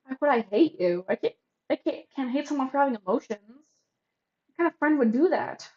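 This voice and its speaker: A woman voicing a kind young male student who speaks gently and reassuringly. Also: sits high, animated, normal speed, muffled recording.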